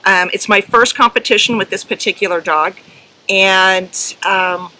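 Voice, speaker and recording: A middle-aged woman co-hosting a casual podcast, telling a story earnestly and emotionally, with halting ums. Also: mid-range voice, pushed and bright, poor audio. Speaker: podcast co-host and herding judge.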